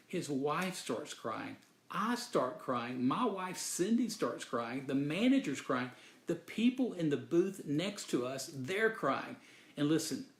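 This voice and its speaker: An earnest man delivers a sermon-style motivational talk, repeating phrases to drive his points home. His voice sits at an ordinary middle pitch. The sound is roomy and echoing. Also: vocal fry. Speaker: speaker giving a motivational talk. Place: Dallas, Texas.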